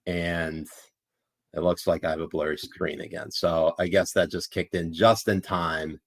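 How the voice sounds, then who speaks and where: Deep-voiced, opinionated stream guest. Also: male voice, unhurried, vocal fry. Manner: opinionated, steady political commentary. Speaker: guest co-host. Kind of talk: casual livestream commentary.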